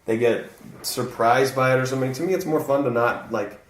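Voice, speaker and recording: A man's voice: medium pitch, brisk, distant mic. A man from the Southern United States, a guest comedian in casual chat, easygoing and rambling, laughing often. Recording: roomy echo, from the mic.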